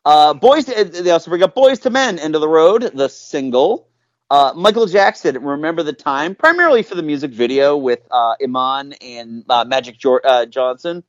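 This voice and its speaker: A man's voice: on the high side, expressive, normal speed, no echo, highs cut off. A man hosting a podcast in casual chat, joking and sarcastic as he runs the show. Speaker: podcast host.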